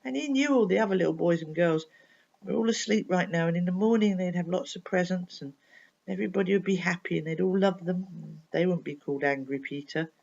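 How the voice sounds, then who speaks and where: A woman's voice: fairly low pitch, fairly quick, gravelly, a little mellow. A woman telling a children's story expressively, asking her listener questions along the way. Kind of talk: bedtime story reading for children. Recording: dull lo-fi recording.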